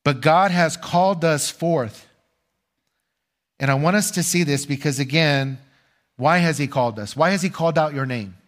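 Preaching as a pastor, an older man speaks with earnest, measured delivery in a slightly high voice. He asks his listeners rhetorical questions and waits for them to answer.

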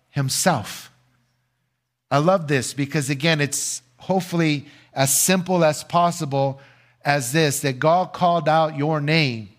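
Older male pastor preaching earnestly. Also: a little high. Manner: earnest preaching with rhetorical questions and pauses. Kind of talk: sermon.

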